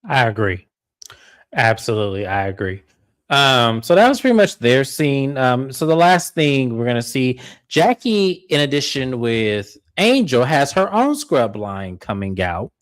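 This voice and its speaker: A man hosting a casual recap of a reality show, frank and swearing freely, acting out quoted lines with big jumps in pitch. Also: big pitch swings, measured pace, dry recording.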